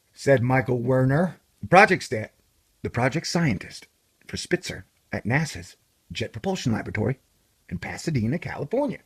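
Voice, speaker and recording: A man's voice: medium pitch, dark tone, slightly rough. A man hosting a casual commentary video, reading an article aloud with sarcastic, rambling, jokey asides. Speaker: video host.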